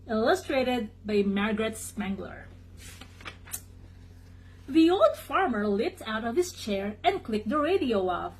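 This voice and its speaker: A woman's voice: a little high, very animated, slow pace, breathy edge. A woman hosting a read-aloud for children, talking to her young listeners directly and cheerfully. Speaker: storybook reader for children.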